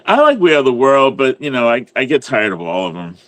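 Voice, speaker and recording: A man chatting as a guest on a livestream, easygoing and quick to laugh. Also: mid-range voice, sing-song, a bit bright, no echo. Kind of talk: casual chat.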